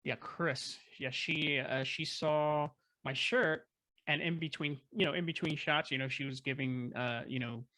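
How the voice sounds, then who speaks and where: Bright-voiced man telling a story excitedly. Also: a little high, a little slow, no room sound. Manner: excited, rambling with many fillers and restarts. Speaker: guest filmmaker. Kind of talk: casual storytelling.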